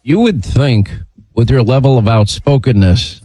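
A man hosting a talk radio show, speaking in a brisk, emphatic way. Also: medium pitch, lively intonation, mellow, dry recording, poor audio.

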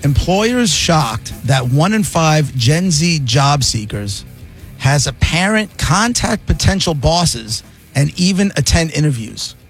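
Middle-aged male radio host, gravelly voice, animated banter. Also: a little high, slow pace, faint music behind. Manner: animated, reads headlines aloud and riffs. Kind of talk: casual radio talk.

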